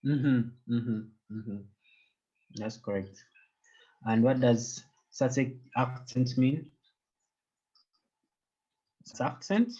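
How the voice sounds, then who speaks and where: A man's voice: mid-range voice, very slow, long pauses, warm tone, dull audio. A man teaching an online German class in English, patient and joking, dropping German words in.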